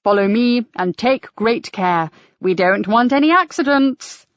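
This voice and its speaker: A woman's voice: on the high side, animated, measured pace, no room sound, lo-fi sound. Woman voicing a showy male church tour guide. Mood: genial. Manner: polished, showman-like tour patter.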